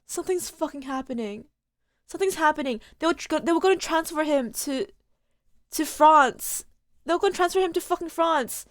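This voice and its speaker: A young woman streaming a game playthrough, talking excitedly and emotionally, swearing often. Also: high-pitched, normal speed, no room sound. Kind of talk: live game playthrough commentary. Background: faint game music.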